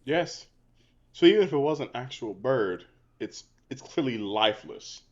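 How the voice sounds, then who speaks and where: A man's voice: mid-range voice, lively intonation, moderate pace, muffled recording. A man co-hosting a comedy podcast over a video call, telling a story in a laid-back, profane way full of slang. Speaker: podcast co-host. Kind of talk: casual comedic chat.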